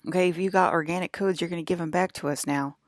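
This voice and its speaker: A woman with a Southern US accent talks to camera in a loose, rambling vlog. Her voice sits low, and she swears and wanders into paranoid tangents. The sound is dry and close, with no room around it. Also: fairly even intonation, fast, no room sound. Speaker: vlogger.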